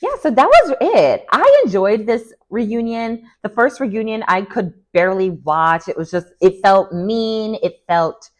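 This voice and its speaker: A young woman giving an opinionated, chatty recap of a reality show, often quoting the cast in lively voices. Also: medium pitch, measured pace, few pauses. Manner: chatty, opinionated, quotes people in animated voices. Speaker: recap vlogger. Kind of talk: casual recap commentary.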